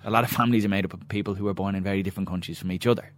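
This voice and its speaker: A man's voice: deep voice, steady tone, racing. A man making an earnest argument as a guest on a casual football podcast.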